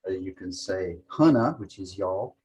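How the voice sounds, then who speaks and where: A man's voice: low voice, lively intonation, normal speed, a little mellow, slightly rough, rough recording. A man teaching a language lesson over a video call, methodically walking through example sentences step by step.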